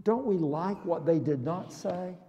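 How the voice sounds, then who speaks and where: A man preaching a sermon in a dramatic, emphatic way, slowing down on key words and breaking into sudden loud exclamations. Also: high-pitched, muffled recording. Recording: long reverb of a large hall.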